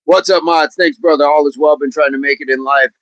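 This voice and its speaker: A man's voice: fairly high pitch, steady tone, a little fast, a bit bright, dry recording, highs cut off. A man hosting a casual fitness livestream, chatting with viewers in a rambling way and laughing often.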